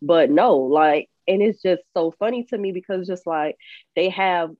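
Speaking at a normal speed with a voice on the low side, this female podcast co-host sounds candid and earnest, laughing between her points in casual conversation. There's no echo, but the recording is slightly dull and muffled.

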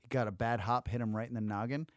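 A man's voice: medium pitch, fairly even intonation, quick pace, no room sound, clean studio sound. A man co-hosting a podcast, easygoing and teasing, wandering off on tangents in casual chat. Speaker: podcast co-host.

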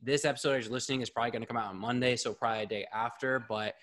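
A man hosting a live podcast, talking in a casual, excitable, rambling way and swearing freely. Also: mid-range voice, rapid-fire. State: a bit out of breath. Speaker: podcast host.

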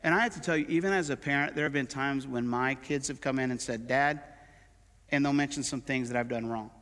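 A man's voice: mid-range voice, a little fast, a bit bright. A middle-aged man, a pastor, preaching in a conversational way with everyday examples during a sermon in a church. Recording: long hall reverb.

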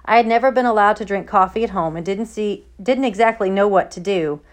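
A woman's voice: medium pitch, brisk. Woman reading a storybook aloud. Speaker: audiobook narrator. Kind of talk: storybook narration.

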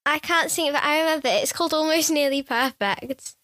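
High bright giggly woman. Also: fairly quick, dry recording, clean studio sound. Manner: giggly, playful, teasing. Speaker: podcast co-host. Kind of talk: casual chat.

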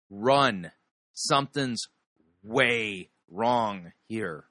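Slow, dry-voiced male podcast host. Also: lowish voice, lively intonation, sharp tone, dry recording. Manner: dry, unimpressed asides. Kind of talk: casual commentary on a sermon clip.

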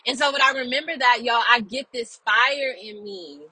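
A woman's voice: fairly high pitch, moderate pace, sharp tone, breathy edge, dry recording, poor audio. A young woman talking casually to her viewers about faith, earnest and encouraging, repeating phrases and checking in with "right?" and "okay?". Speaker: Christian video creator.

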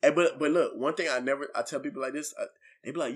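A man chatting as a podcast guest, animated and slangy, cutting in with "hey, look" to make his point. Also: mid-range voice, fast talker. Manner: animated, repeats "hey, look" to hold the floor; slangy, profane. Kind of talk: casual podcast chat.

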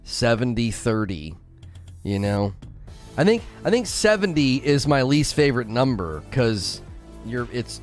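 A man streaming a game and chatting casually with his viewers, giggly and rambling, laughing often at his own jokes. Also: medium pitch. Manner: rambling, with many fillers and restarts. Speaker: game streamer talking to chat. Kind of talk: casual live-stream chat.

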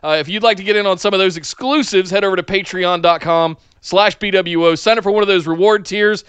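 A man co-hosting a podcast, relaxed in casual chat, reading plugs with filler words. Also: high-pitched, brisk, smooth, no echo. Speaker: podcast co-host.

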